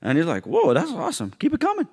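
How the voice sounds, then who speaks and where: A man teaching a youth Bible study, animated and joking as he acts out people's reactions. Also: high voice, fast talker, husky.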